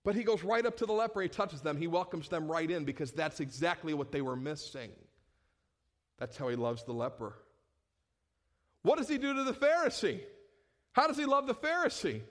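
High-voiced male pastor, animated sermon delivery, rhetorical questions, loud-to-hushed swings. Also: normal speed.

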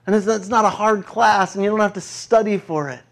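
Male pastor, high-pitched, conversational preaching with animated storytelling. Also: a little fast, creaky. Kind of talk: sermon.

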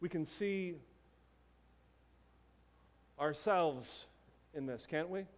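A young man with a noticeably high voice delivers a sermon. He keeps it conversational, drifting into casual asides and rhetorical questions to keep listeners with him. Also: drawn-out words. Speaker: pastor.

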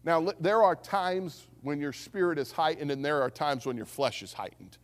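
A male pastor preaching a sermon, telling a story with lively acted-out voices. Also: on the high side, normal speed. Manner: animated storytelling, acts out voices. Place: church sanctuary. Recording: long reverb of a church hall.

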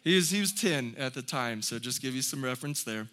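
Animated and fairly quick, this male preacher has a medium-pitched voice with a fairly bright tone. His sermon opens with earnest, folksy anecdotes and gentle laughter, then rises into emphatic calls to his listeners.

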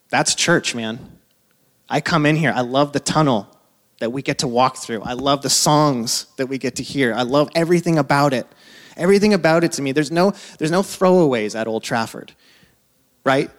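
A man's voice: mid-range voice, fairly bright tone. Casual, laughing young preacher man. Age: 30s. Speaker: pastor. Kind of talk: sermon.

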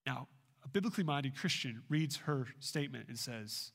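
A man delivering a sermon as a pastor, preaching emphatically with swings in pitch and loudness. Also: animated, moderate pace, creaky.

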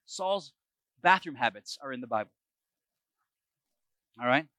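Animated, joking man retelling a Bible story. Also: mid-range voice, unhurried, no room sound. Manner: animated and joking, with asides to listeners. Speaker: pastor.

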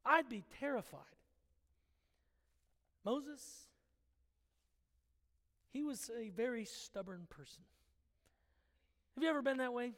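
A man's voice: extremely high pitch, animated, slow pace, long pauses, fairly bright tone, long reverb tail. A man preaching a sermon in an emphatic, conversational way, asking his listeners questions directly.

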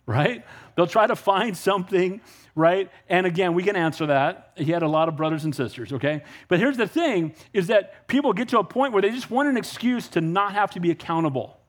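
Preaching with a high-sitting voice at a fairly quick clip, this pastor is animated and emphatic while staying conversational. He poses rhetorical questions, asks the congregation "Amen?", and acts out exchanges he has had with unbelievers.

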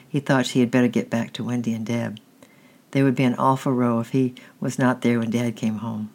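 A man reads a children's chapter book aloud at an even, middling pitch. His delivery is plain and steady, with the odd restart as he goes. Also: gravelly. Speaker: audiobook reader. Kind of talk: storybook narration.

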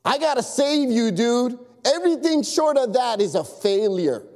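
A preacher doing a high, urgent Marine rescuer. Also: male voice, lively intonation, moderate pace. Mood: resolute. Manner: shouting, urgent and resolute. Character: brave male Marine rescuer, determined. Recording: long echo of a large hall.

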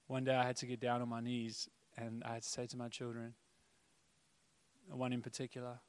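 A man's voice: medium pitch, completely flat delivery, brisk, clear, resonant tone. A man preaching a sermon as pastor, earnest and conversational with playful asides, in a large church hall. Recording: long hall reverb.

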